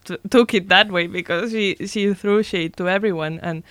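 A woman chats through pop culture news, loose and full of fillers. Her voice is smooth and clear. The recording is close and dry, with no room sound. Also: mid-range voice, moderate pace, a bit bright, no room sound. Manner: chatty, lots of "like" fillers. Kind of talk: casual chat.

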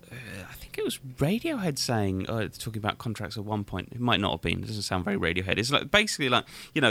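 A man hosting a radio music show, chatting casually and acting out quoted lines with lively energy. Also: medium pitch. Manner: lively, animated, acts out quotes. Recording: faint music behind.

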